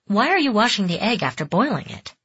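A woman's voice: medium pitch, very animated, fast, a bit bright, husky, pitched above the performer's own voice, exaggerated voice. A woman voicing a guarded, wry young woman held captive. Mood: curious. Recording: dull dry audiobook recording.

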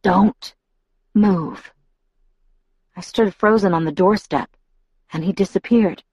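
A woman narrating a novel aloud in a measured, even reading. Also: mid-range voice, slightly rough, no echo. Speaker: audiobook narrator. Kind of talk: audiobook narration.

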